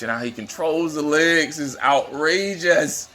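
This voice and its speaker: A man giving casual, profane reaction commentary while rewatching a fight, laid-back and quick to laugh. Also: a little high, sharp tone.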